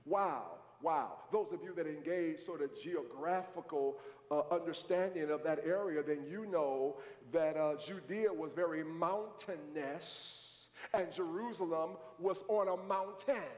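A man's voice: high voice, a little slow, darkish tone. A man preaching a sermon to a church congregation, talking conversationally and prompting the crowd to respond. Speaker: pastor. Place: church sanctuary. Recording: echoey hall reverb.

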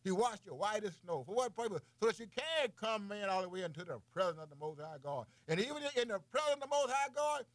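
A high-pitched, expressive man preaches informally at a fast clip with hardly any pauses, and there's no echo. He keeps throwing out rhetorical questions, calls the listener man, boy and baby, laughs between lines, and swings between loud and quiet.

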